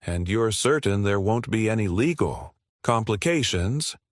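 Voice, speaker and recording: A man's voice: on the low side, expressive, measured pace, no echo, clean studio sound. A man voicing a stout, cold slave buyer with a Georgia accent.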